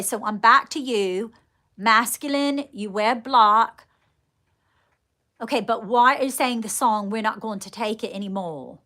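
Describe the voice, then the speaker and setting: Halting woman psychic streaming live. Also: fairly high pitch, pushed and bright. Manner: halting, repeats words, calls viewers darling. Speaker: psychic medium. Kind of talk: live-stream channelling session.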